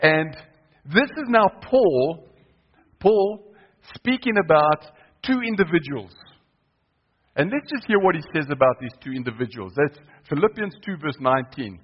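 A man's voice: a little high, sing-song, unhurried, husky, lo-fi sound. A man preaching a sermon in church, often asking the congregation questions and repeating key phrases for weight. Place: church hall.

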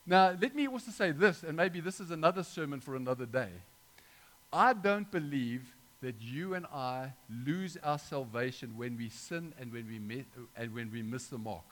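A man's voice: on the high side, a bit bright. A middle-aged male preacher giving an informal sermon, his voice sitting a little above the usual male range. He speaks conversationally and rambles, breaking off for asides and restarting his sentences as he goes.

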